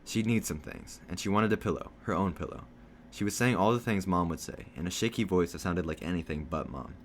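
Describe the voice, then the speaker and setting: A man reading a novel aloud, telling a first-person story in a steady storytelling manner. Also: deep voice, brisk, a little hiss or hum. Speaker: reader.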